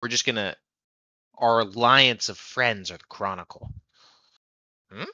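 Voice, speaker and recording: A man's voice: medium pitch, measured pace, bright, forceful tone, dry recording, dull audio. A man chatting casually as a player in a tabletop game, joking, laughing often and swearing freely.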